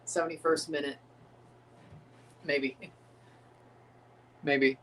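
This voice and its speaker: A young man hosting a live football watchalong, calling goals with excitement and dropping into low mumbled asides between plays. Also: very slow. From United States. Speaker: livestream watchalong host. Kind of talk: live football reaction commentary.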